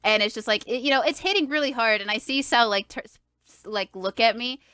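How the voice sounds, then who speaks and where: A young woman co-hosting a podcast, chatting casually and rambling, with many fillers, restarts and lively quoted asides. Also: on the high side, fairly quick, dry recording, clean studio sound. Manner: animated when quoting people. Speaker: podcast co-host. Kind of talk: casual chat.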